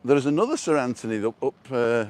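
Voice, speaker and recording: A man's voice: medium pitch, big pitch swings, fast talker, a little mellow. A man hosting a casual walking vlog outdoors, chatting and reading out viewer comments, recorded on a wireless lapel mic. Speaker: vlogger host. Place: outdoors on a seafront promenade.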